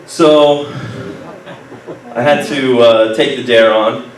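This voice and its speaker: A man telling a personal story to a live group, animated and laughing, acting out other people's lines. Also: medium pitch, slow pace. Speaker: speaker at a humanist group meeting. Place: meeting room. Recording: echoey room, mic far off, noisy.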